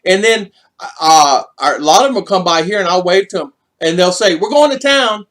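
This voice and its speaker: A man hosting a casual live stream, chatting with viewers and greeting them by name. He is animated and chuckles often. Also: high voice, a little fast. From United States.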